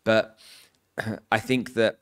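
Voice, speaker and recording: A man hosting a casual interview, chatty and relaxed, asking broad questions. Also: lowish voice, very slow. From United Kingdom. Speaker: interview host.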